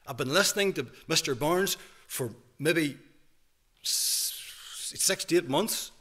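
Northern Irish male minister, 50s, bright and forceful tone, preaching testimony in a church hall. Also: fairly high pitch, slow pace, breathy edge. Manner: emphatic preaching with big swings from hushed to loud. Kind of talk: testimony sermon.

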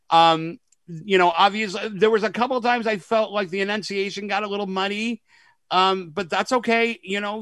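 A man's voice: high voice, fairly bright tone, no room sound. A man judge giving enthusiastic feedback, stammering over his words.

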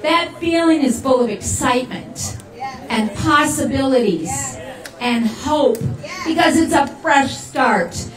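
A woman's voice: high-pitched, lively intonation, slow pace, soft background music. A woman giving an impassioned rally speech and leading the crowd in chants. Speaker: political rally speaker. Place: large rally hall with crowd. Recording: echoey hall, crowd noise, mic from a distance. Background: cheering crowd.

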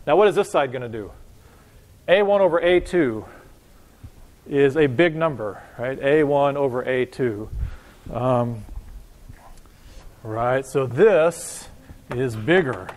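A man teaching a university physics lecture, animated and joking as he talks to his class. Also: mid-range voice, slow, pauses often. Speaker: physics professor. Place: lecture hall. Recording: reverberant lecture hall.

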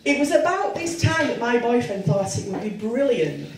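A woman in her forties performing a stand-up comedy set, self-deprecating and bawdy with deadpan asides. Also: fairly high pitch, moderate pace, recorded from a distance, a little hiss or hum. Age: 40s. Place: comedy club stage with audience. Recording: roomy live club sound with crowd laughter.

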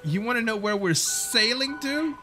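A man voicing a small, lowly dragon-bat minion with a hissing, snake-like voice. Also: lively intonation, moderate pace, music in the background. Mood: nervous.

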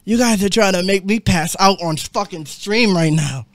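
A young man hosting a live reaction stream, talking excitedly, swearing freely and repeating short phrases again and again. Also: high voice, normal speed, no echo, studio quality.

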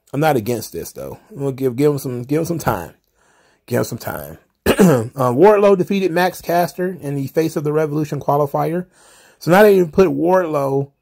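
A man's voice: medium pitch, a little mellow. A man hosting casual solo wrestling recap commentary, rambling and wry, often exasperated, with the odd swear.

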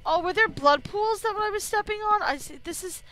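High, bright young woman streaming horror. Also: a little fast. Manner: frightened, swearing, cries out often. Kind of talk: live horror game commentary.

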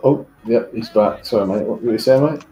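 A man, teasing his friends loudly in a gaming voice chat and laughing often. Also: fairly low pitch, fairly quick, reverberant, music in the background. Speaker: gamer in voice chat. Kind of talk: casual banter.

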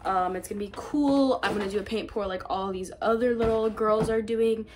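A woman's voice: medium pitch, steady tone, fairly quick, a little mellow, a little hiss or hum. A young woman chatting casually in a home vlog, rambling and poking fun at herself. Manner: chatty, self-mocking, rambling. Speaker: YouTuber.

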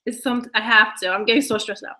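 A woman's voice: on the high side, steady tone, fast, bright, forceful tone, a little hiss or hum. A young woman chatting to her viewers in a rambling, giggly way, swearing freely. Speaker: YouTuber talking to live chat. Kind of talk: casual chat to viewers.

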